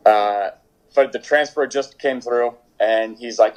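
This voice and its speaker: A man's voice: medium pitch, slow, a little mellow, rough recording. A young man, a pro soccer goalkeeper, chatting in an interview, rambling with lots of fillers and restarts. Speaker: professional soccer goalkeeper, guest. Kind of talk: casual interview storytelling. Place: home during quarantine.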